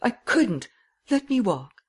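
A man voicing an anxious, tearful lady rider in a shrill, pleading tone for an audiobook. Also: sing-song, slow pace, slightly rough, full character voice. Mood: distressed. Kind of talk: audiobook character reading.

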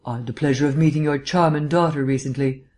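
An audiobook reader voicing an urbane, erudite gentleman detective who lectures in a polished, lightly teasing way. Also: medium pitch, fairly even intonation, fast talker, close to an everyday voice. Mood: probing. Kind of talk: audiobook reading.

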